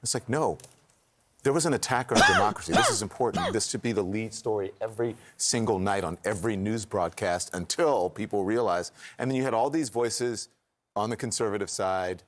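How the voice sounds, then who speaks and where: A man's voice: on the low side, normal speed. A man anchoring a televised news discussion, earnest and emphatic.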